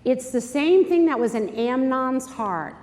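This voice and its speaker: A middle-aged woman giving a lively Bible study talk to an audience, dramatic and jumping into high, shrieking quoted voices. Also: unhurried. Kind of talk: animated teaching talk to a live audience. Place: large hall before an audience. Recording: live hall recording with long reverb.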